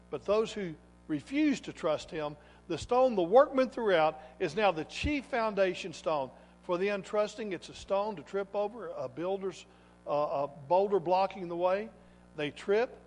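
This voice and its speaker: A pastor with a high voice delivers a sermon in a church sanctuary, leaning hard into some lines with loud exhortation and dropping to quiet asides on others. His emphatic delivery rings out with a long reverberant tail from the hall.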